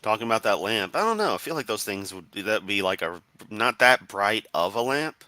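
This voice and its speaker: A man's voice: lowish voice, big pitch swings, brisk, pushed and bright, no room sound. Man, streamer, sarcastic, profane, rambling, dry close sound. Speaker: stream commentator. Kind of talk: sarcastic live-stream commentary.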